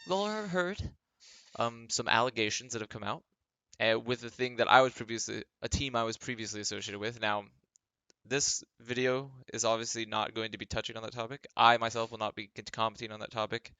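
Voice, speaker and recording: A man's voice: medium pitch, steady tone, fairly quick, bright, forceful tone, clear, resonant tone, no echo. A tired young man, a former esports pro, talking in a casual vlog monologue from his home workspace, rambling with lots of fillers and dry sarcasm.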